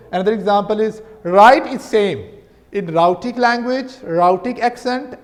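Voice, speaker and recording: A man's voice: sits high, darkish tone, big-room sound. A man with a Pakistani English accent giving a recorded lesson, explaining step by step and often checking with "right?". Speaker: linguistics teacher. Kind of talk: recorded lecture.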